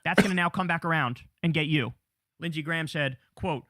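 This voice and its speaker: A man's voice: on the high side, brisk, bright, forceful tone, dry recording, studio quality. A man hosting a live political news stream, ranting heatedly and swearing as he reads headlines. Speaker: political show host.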